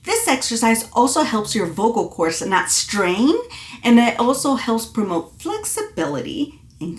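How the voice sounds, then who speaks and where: A woman vocal coach leading an online singing lesson, encouraging and demonstrating exercises. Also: a little high. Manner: encouraging, demonstrates with sung hoots. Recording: echoey room.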